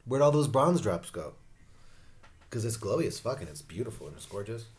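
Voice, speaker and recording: A man's voice: medium pitch, big pitch swings, a little fast, darkish tone. A man giving a casual skincare review at home, campy, profane and playful, laughing often. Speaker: beauty vlogger reviewing skincare.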